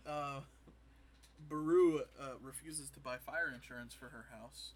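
A man in casual podcast chat, retelling comedy scenes and slipping into quick voices, often laughing. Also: mid-range voice.

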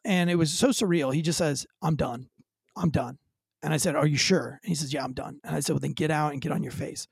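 A man, a former police officer, telling a dramatic story with high energy as an interview guest, acting out quoted lines. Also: fast talker, creaky, hardly any pauses, breathy edge, dry recording.

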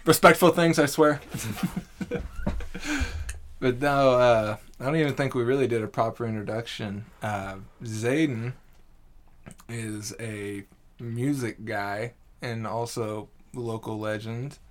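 Young male podcast host, unhurried, relaxed delivery. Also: mid-range voice. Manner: slow, relaxed, many fillers. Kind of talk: casual podcast chat.

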